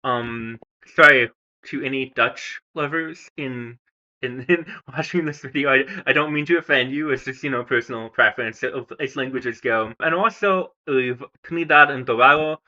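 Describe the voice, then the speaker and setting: Young man, casual host, bright tone, slightly muffled sound, filler-heavy rambling. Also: mid-range voice, moderate pace. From United States. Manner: chatty, with frequent fillers and self-corrections. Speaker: language video host. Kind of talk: casual ranking commentary.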